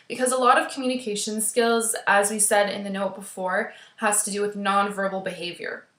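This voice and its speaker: A woman teacher speaks to her webcam in a recorded class lecture, her voice sitting at a middle pitch. She talks in a steady, instructive way and often pauses on "um." The room around her sounds roomy and echoey. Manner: steady instructive delivery with frequent ums. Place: indoor room, seated in a chair. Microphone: webcam at desk.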